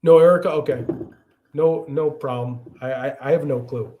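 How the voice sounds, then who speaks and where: A Chicago-area man in his thirties, with a Chicago accent and a mellow, fairly high voice at normal speed, hosts a casual livestream. He chats back to viewer comments, often restarting his sentences.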